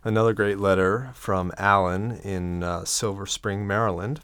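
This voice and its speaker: A man co-hosting a radio show in a studio, chatting casually and reading listener letters aloud in a relaxed way. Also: lowish voice, normal speed, clean tone, dry recording. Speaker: radio co-host.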